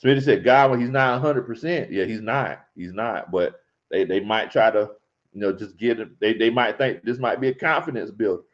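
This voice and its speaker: A man's voice: on the low side, moderate pace, highs cut off. A man hosting a casual sports talk livestream, reading viewer comments and laughing often. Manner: animated, laughs often, playful slang. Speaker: sports talk show host.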